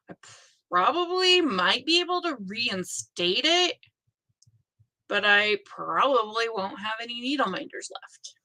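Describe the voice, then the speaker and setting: A middle-aged woman hosts a live craft stream, chatting in a loose, rambling way and poking fun at herself. Her voice sits a little high and sounds bright and forward. She talks at an unhurried, slow pace. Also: rough recording. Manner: chatty, rambling, self-deprecating. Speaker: host of a live stitching stream. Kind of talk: casual live chat.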